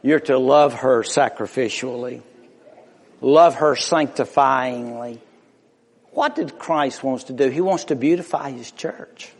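A man's voice: medium pitch, slow, husky. A man preaching a sermon with passion, building through repeated phrases and rhetorical questions. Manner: impassioned, rhetorical questions, repetition. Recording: long reverb of a large hall.

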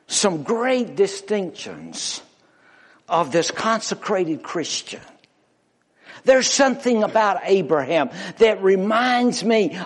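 Slow, swooping male preacher. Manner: emphatic, drawn-out pulpit delivery with big pitch swings. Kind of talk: sermon.

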